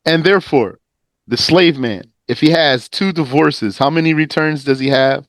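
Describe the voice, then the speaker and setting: A man teaching a lesson on a legal text, reading passages briskly, translating them slowly and quizzing his students in a conversational manner. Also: on the high side, dry recording. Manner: lively, explanatory, conversational. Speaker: teacher of Islamic law.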